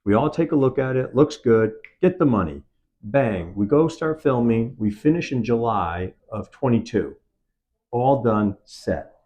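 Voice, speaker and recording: A man's voice: mid-range voice, animated, measured pace, warm tone. A man, a film producer, talking in an on-set interview and acting out quoted dialogue as he tells his story. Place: event set.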